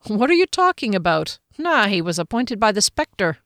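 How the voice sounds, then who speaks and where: A woman's voice: mid-range voice, very animated, moderate pace, a bit bright, no room sound, studio quality, pitched above the performer's own voice. A woman voicing a blunt, casual-talking male soldier with slangy, wry speech.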